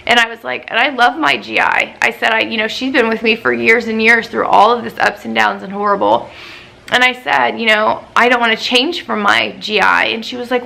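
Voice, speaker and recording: A woman's voice: fairly high pitch, steady tone, fairly quick, gravelly, bright, forceful tone, low-quality recording. A woman vlogger chatting casually, venting her frustration over a doctor's appointment after a week of crying. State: upset, recently crying. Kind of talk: casual chat.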